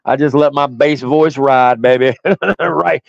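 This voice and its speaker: A man's voice: mid-range voice, steady tone, measured pace, vocal fry, no room sound, lo-fi sound. A man hosting a stream, delivering a profane, mocking and combative ranting monologue. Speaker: stream host.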